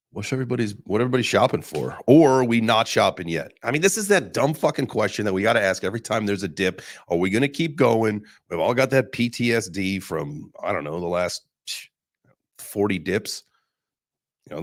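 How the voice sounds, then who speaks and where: A man's voice: fairly low pitch, expressive, normal speed, dry recording, studio quality. A young man hosting a casual crypto podcast chat, talking loosely with some cursing. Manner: loose, profane banter. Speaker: crypto show host.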